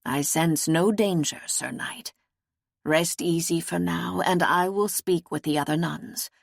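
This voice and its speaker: A woman narrator voicing a kindly, gentle nun who speaks calmly and formally to reassure a knight. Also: on the low side, measured pace, creaky, no echo, studio quality. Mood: gentle, reassuring.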